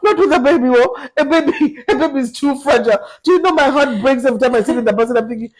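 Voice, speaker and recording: A woman co-hosting a casual chat show, animated and laughing often as she acts out little scenes. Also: sits high, quick pace, rough recording. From abroad, moved to the UK. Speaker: co-host.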